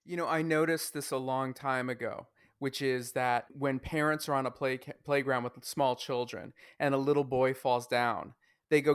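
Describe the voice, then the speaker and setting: A man hosting a podcast who tells personal stories in a lively way and acts out the voices he quotes. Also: medium pitch, moderate pace, clear, resonant tone. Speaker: podcast host. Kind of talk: conversational storytelling.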